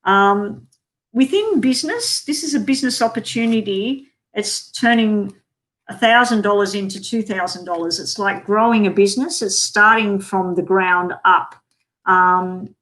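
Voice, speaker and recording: A woman's voice: medium pitch, a bit bright. A woman giving live-streamed tarot readings, chatty and talking to viewers by name with many ums. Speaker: tarot card reader.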